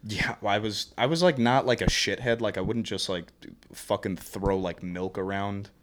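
Deep voiced young dude on a podcast, super filler-y and halting, bit of noise behind. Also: male voice, a bit bright. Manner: filler-heavy, hesitant storytelling with lots of "like". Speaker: podcast co-host. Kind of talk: casual chat.

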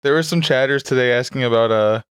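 A man's voice: medium pitch, fast talker, a bit bright, smooth, no echo, studio quality. A young man hosting a comedy podcast, riffing casually, laughing often and swearing. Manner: laughs often, swears, riffs and acts out bits. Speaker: podcast host.

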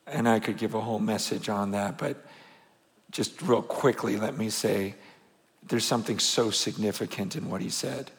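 A man preaching a sermon, conversational with fillers, swinging between shouts and hushed tones. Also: on the low side, moderate pace, breathy edge. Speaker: pastor. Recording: long hall reverb.

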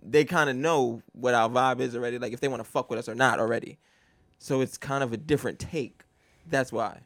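A man's voice: medium pitch, a little fast, a bit bright, dry recording. A young man co-hosting a casual podcast, a laid-back joker cracking wisecracks into a studio mic. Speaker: podcast co-host.

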